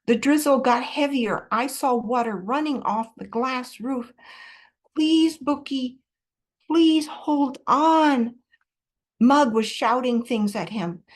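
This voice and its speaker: Unhurried high-voiced woman reading aloud. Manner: first-person storytelling, expressive. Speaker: author. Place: live reading event.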